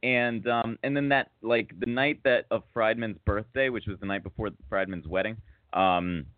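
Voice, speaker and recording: Male host, rambling anecdote style, mid-pitched, dry tinny line. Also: fairly even intonation, moderate pace, no echo. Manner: rambling, self-mocking, many fillers and restarts. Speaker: podcast host. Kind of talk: casual storytelling chat. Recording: tinny phone-like sound.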